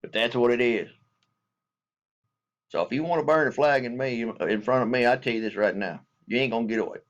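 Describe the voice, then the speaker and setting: A man with a drawl, a military veteran, ranting straight into a vlog. He talks bluntly and angrily, swearing freely, at an ordinary middle pitch. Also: fairly quick, highs cut off. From Southern United States. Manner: blunt, angry and heavily profane.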